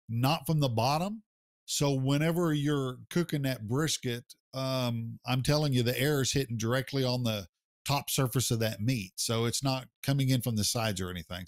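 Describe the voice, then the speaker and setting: A man's voice: medium pitch, no echo, clean studio sound. An American man, a barbecue pitmaster, talking casually as a podcast guest in a folksy, plainspoken way. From United States. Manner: folksy, plainspoken, says sir. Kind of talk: casual interview chat.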